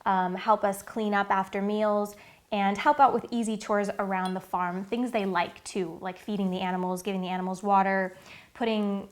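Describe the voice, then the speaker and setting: A woman in her thirties, a vlogger and mother, talks casually to camera about her family's routine at normal speed. Her medium-pitched voice holds a steady tone as she speaks earnestly and chattily, full of fillers, while growing emotional and close to tears.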